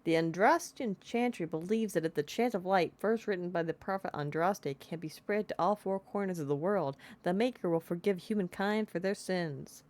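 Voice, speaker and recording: A young American woman with a low voice chats her way through a game stream. She rambles cheerfully and fills her talk with "like" and "you know.". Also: fairly quick, few pauses, a little mellow. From United States. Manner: chatty, rambling, upbeat, lots of "like". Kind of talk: casual let's-play chat.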